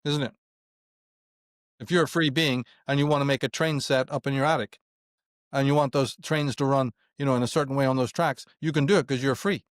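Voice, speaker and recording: A man's voice: medium pitch, fairly even intonation, a little fast, dry recording, clean studio sound. A middle-aged man, talking philosophy in an emphatic, profane way, full of rhetorical questions. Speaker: interviewee. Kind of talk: philosophical conversation.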